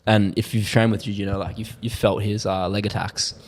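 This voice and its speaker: A man from Australia hosting a casual chat and telling stories with animated repetition. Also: fairly low pitch, a little fast. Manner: animated storytelling, repeats words for effect. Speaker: host.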